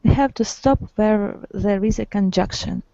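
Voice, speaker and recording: A woman's voice: mid-range voice, normal speed, mellow, no room sound, dull audio. A woman teaching an online English grammar lesson, patiently correcting and repeating words for her students.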